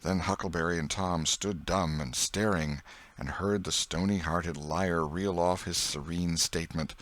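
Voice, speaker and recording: A man reading an audiobook with dramatic, expressive narration. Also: deep voice.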